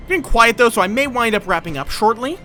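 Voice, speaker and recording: A young man streaming a video game, chatting casually with his viewers, swearing now and then and reacting out loud. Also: very high-pitched, fast talker. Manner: animated, chatty, swears, talks to chat. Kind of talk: casual gameplay commentary. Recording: faint game music behind.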